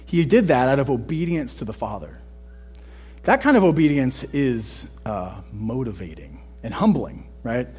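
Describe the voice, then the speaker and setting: A man's voice: medium pitch, very animated, moderate pace, darkish tone, slightly rough, soft background music. A man from Texas, with no regional accent, preaching a sermon in a conversational way and often checking in with "right?". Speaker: pastor.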